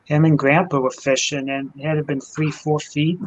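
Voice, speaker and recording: A man with a somewhat high voice chats casually, stumbling over his words and circling back to restart his sentences. His delivery is loose and conversational. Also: little pitch movement, moderate pace, muffled recording. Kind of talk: casual chat.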